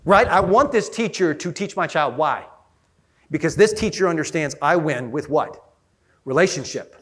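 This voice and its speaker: A man giving an energetic conference keynote, often asking the audience questions. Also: on the high side, moderate pace. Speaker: conference speaker.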